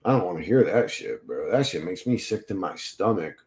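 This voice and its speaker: Crude, animated man chatting casually. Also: sits low, a little fast. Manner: crude, profane, animated, laughing often. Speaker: streamer chatting with viewers. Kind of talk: casual chat.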